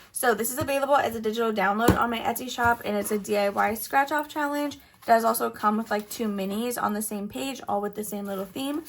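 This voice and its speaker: A woman chatting casually in a budgeting vlog, counting money out loud with giggly asides. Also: fairly high pitch, slight background noise. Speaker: budgeting vlogger.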